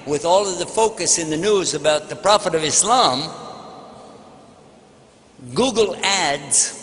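A man's voice: a little high, fairly bright tone. A man from Texas with a Texan accent, giving a folksy, humorous storytelling talk to an audience and acting out conversations. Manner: folksy, humorous, acts out phone calls. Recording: hall reverb with faint background noise.

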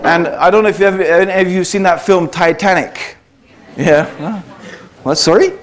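British male speaker with a high voice, addressing a live audience in a chatty lecture style. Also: moderate pace. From Britain. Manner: conversational, checks in with the audience. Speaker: speaker giving a talk to an audience. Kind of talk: public lecture.

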